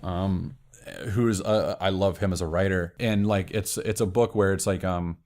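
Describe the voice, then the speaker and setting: A man being interviewed on a podcast, telling stories excitedly and saying "like" a lot. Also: low voice, normal speed. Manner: excitable storyteller, heavy use of "like". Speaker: podcast guest. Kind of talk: casual interview chat.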